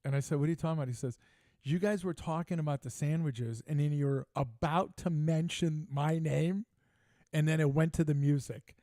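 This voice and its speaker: A man's voice: on the high side, steady tone, moderate pace, mellow, no room sound. An older man hosting a casual sports talk show, telling brash, joking stories with lots of animation. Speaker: podcast host. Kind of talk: casual storytelling chat.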